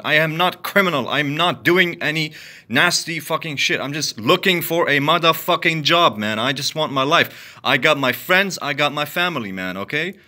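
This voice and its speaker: A man ranting angrily to the camera, profane and repetitive, swinging from loud outbursts to low muttering. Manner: heated, profane, repetitive venting. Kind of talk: angry solo rant to camera.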